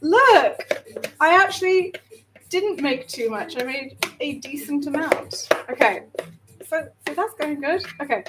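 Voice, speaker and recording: A woman's voice: sits high, lively intonation, a little slow, noisy background. A woman chatting to viewers while baking, flustered, nervous and self-mocking. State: nervous and overheated. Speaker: vlogger baking on stream. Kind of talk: casual chat while cooking.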